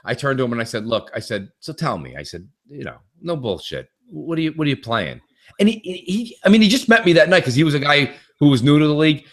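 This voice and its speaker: This man, a co-host of a laid-back gaming podcast, speaks fast in a voice on the high side. He rants with animation and lots of profanity, acting out the conversations he quotes.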